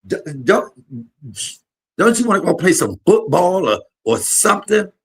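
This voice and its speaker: A man putting on a shrill, scolding grandmother. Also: big pitch swings, measured pace, husky, full character voice. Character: scolding old grandmother, blunt and bossy.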